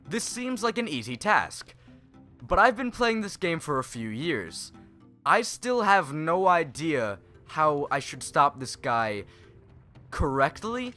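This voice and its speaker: A young man talking through a video game playthrough in a casual, rambling way, often correcting himself. His voice sits a little high and sounds bright and forceful. Faint game music runs underneath. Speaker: let's play host. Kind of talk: casual gameplay commentary.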